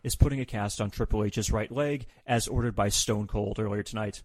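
A man's voice: lowish voice, fairly even intonation, a little fast. A man hosting a podcast, recapping in a casual, jokey way and quoting people in voices. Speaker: podcast host.

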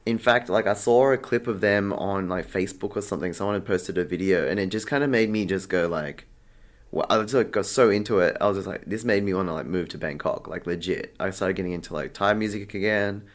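Speaking fairly quickly in a low-pitched voice, a young Australian artist chats casually as an interview guest. He acts out his story's exchanges, filling his speech with fillers.

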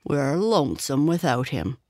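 A bedtime-story narrator voicing Tum Tum, a jolly male circus elephant, speaking slowly and easily on a dry recording. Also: medium pitch, very animated, a little mellow, dry recording. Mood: friendly. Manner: slow, unhurried speech.

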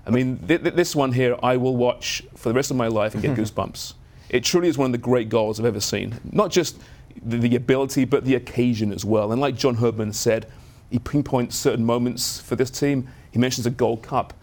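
Man, soccer panel analyst, earnest, enthusiastic, stumbles on restarts, medium pitch. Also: a little fast, darkish tone. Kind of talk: studio panel discussion.

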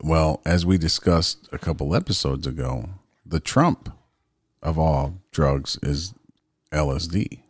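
A man's voice: very deep voice, takes it slowly, breathy edge, no echo, studio quality. A man co-hosting a podcast in casual chat, swearing loosely, laughing a lot and reading news stories aloud. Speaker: podcast co-host.

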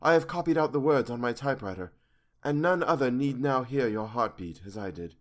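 A man reading the lines of a brave, earnest young woman, gentle yet resolute, in formal old-fashioned speech. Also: mid-range voice, expressive, a little fast, lightly acted.

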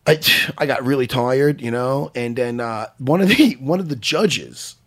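A man in his forties hosting a casual chat, loud, profane and excitable, telling stories in fast bursts. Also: mid-range voice. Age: 40s. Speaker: host.

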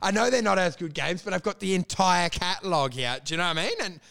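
A man hosting a casual podcast chat, excitable, swearing freely and laughing often as he acts out imagined exchanges. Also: high voice, fast, creaky, smooth. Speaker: podcast host.

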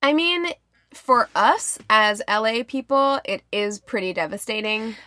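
Woman co-host, bright tone, casual and chatty, dry close sound. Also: a little high, animated, unhurried, no room sound. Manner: chatty, lots of "like". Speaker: podcast co-host. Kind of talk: casual chat.

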